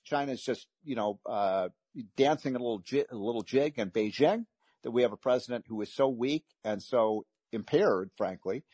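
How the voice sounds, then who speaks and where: A man's voice: mid-range voice, expressive, normal speed, mellow, husky, dry recording. A man hosting a talk radio show, delivering an emphatic, frustrated political monologue with frequent restarts.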